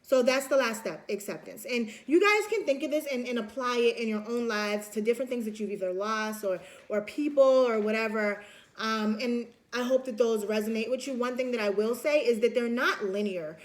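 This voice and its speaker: A woman's voice: on the high side, normal speed. A woman giving a casual recorded lecture, chatty, acting out everyday examples with lots of fillers and restarts.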